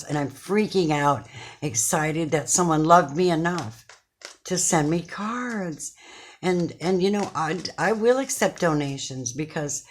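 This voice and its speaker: A middle-aged woman giving a casual tarot reading to her viewers from her chair at home, talking in an effusive, affectionate, chatty way. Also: low-pitched. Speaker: tarot card reader.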